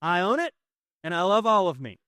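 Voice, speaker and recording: A man in his forties preaching a sermon, telling a personal story in an animated, conversational way with self-deprecating humor. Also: high-pitched, brisk, smooth, dry recording, clean studio sound. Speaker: pastor.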